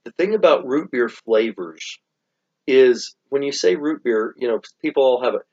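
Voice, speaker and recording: On dull, lo-fi audio, a dad reviewing sodas alongside his son keeps drifting off topic in casual, rambling talk. He's middle-aged, with a mid-range, slightly mellow voice, lively intonation, and a normal speaking speed.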